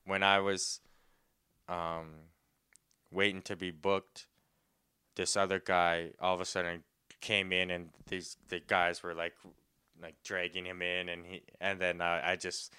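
A young man spins a rambling, laugh-filled story on a comedy podcast. His voice is bright and smooth, and his fillers tumble out between loud laughs. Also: low-pitched, completely flat delivery, a little slow, pauses often. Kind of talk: casual storytelling chat.

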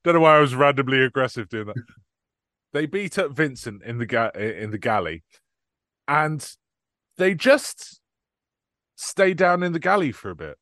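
A man's voice: mid-range voice, sing-song, moderate pace, long pauses, a bit bright, dry recording, studio quality. A man co-hosting a casual film podcast, chatty and swearing, acting out lines from the movie as he recaps it. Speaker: podcast co-host.

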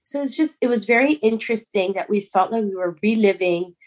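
A young woman who is a mother, telling a personal story in an earnest, halting way, often restarting words. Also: mid-range voice, darkish tone. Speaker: guest.

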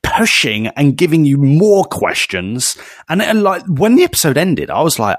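A man's voice: fairly high pitch, very animated, moderate pace, no echo, clean studio sound. A man co-hosting a podcast, talking enthusiastically with many stammered restarts. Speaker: podcast co-host. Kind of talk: casual chat.

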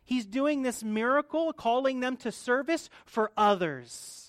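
A man pastor preaching a sermon in a conversational way, swinging between soft asides and loud, emphatic build-ups. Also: very high voice, animated, a little slow, no room sound, clean studio sound.

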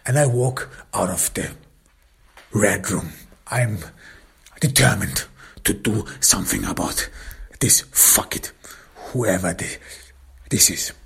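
A man narrating a dark first-person story, intense and angry, often dropping into whispers. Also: on the low side, takes it slowly, vocal fry, long pauses, breathy edge.

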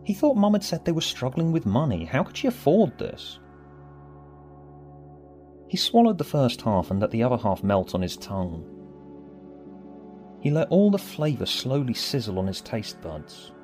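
A man reading his own story aloud, expressive, moving between bright and hushed. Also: medium pitch, normal speed, soft background music. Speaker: author and narrator. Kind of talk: storybook narration.

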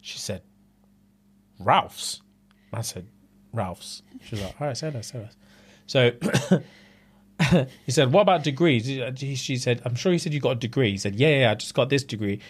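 A man, co-hosting a casual podcast and telling a story in an animated way, full of slang and laughter. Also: mid-range voice, fairly quick, husky. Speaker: podcast co-host. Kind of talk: casual chat.

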